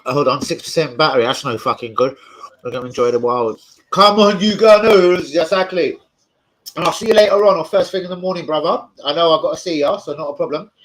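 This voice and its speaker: A young man hosting a live football watch-along, excitable, swearing and shouting out his viewers by name. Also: fairly high pitch, fast talker, poor audio. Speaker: football fan channel host.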